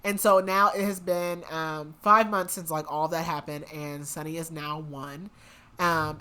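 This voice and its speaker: A young woman co-hosting a book podcast, casually retelling a novel's plot with lots of "like" and "um" fillers and quick acted-out quotes. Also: lowish voice, a bit bright. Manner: chatty, lots of "like" and "um", acts out quotes.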